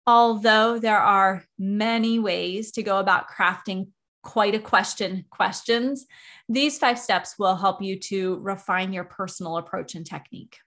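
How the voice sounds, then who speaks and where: Woman, podcast host, calm explainer; teaches step by step, mid-pitched. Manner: calm, explanatory, with everyday analogies. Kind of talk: instructional podcast monologue.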